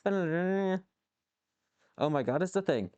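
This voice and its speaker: A man's voice: medium pitch, animated, moderate pace, a little mellow, dry recording. A man casually chatting with viewers on a live stream from his workshop, rambling, swearing and reacting to chat. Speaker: livestreamer answering chat while machining. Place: home workshop with a lathe.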